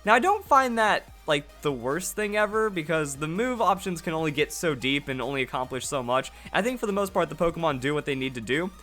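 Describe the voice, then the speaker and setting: Gaming youtuber guy, kinda high bright voice, hyped, quiet music behind. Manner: fast, excitable, restarts often. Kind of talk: excited commentary.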